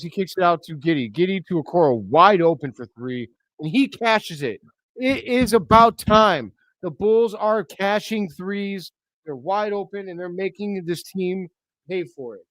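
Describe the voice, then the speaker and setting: A man hosting a live reaction stream, giving blunt, excitable play-by-play commentary with loud outbursts. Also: on the high side, no room sound. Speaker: host of a fan reaction stream.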